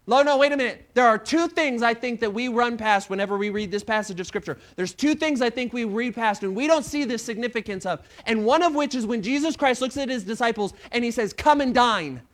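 A high-pitched man preaching a sermon with a lilt. He drops to near-whispers in one stretch and builds to forceful peaks in the next. He stumbles over words and repeats himself as he goes. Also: brisk, few pauses. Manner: dramatic retelling, swings from hushed to loud; repeats words and restarts often. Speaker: pastor.

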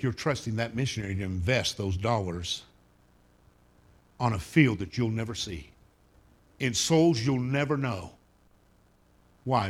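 A man's voice: fairly low pitch, breathy edge. A male pastor preaching a sermon, telling a personal story in a folksy way with humorous asides to his congregation.

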